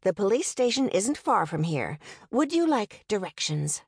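A woman's voice: medium pitch, very animated, a little slow, a little mellow, slightly rough, dry recording, studio quality, full character voice. A woman voicing a sweet, defiant older woman who runs a motel, speaking in an overly sweet but firm way.

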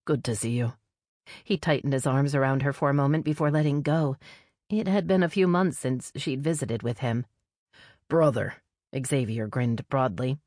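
A woman narrating a novel in a steady, even storytelling manner. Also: a bass voice, normal speed, dry recording, clean studio sound. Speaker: audiobook narrator. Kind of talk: scripted narration.

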